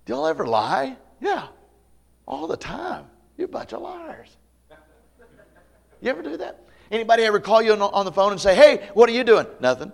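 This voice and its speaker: Folksy preacher, fairly high voice. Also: male voice, big pitch swings, moderate pace, vocal fry, pauses often. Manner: conversational preaching, folksy humor, rising to loud emphatic peaks. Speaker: pastor. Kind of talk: camp meeting sermon. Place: church meeting before a live congregation.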